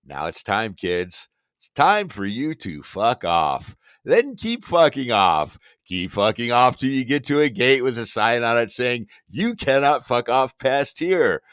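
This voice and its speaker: A man's voice: medium pitch, very animated, a little slow, fairly bright tone, clean tone, no echo. A man co-hosting a podcast, mostly giving short replies and dry wisecracks, closing with a mock-solemn sign-off. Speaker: podcast co-host. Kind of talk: casual chat.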